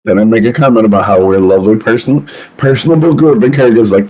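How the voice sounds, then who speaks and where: A man's voice: lowish voice, fast, mellow, rough recording. A man playing a tabletop game, joking and swearing as he comments. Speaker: player. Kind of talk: tabletop role-play chat.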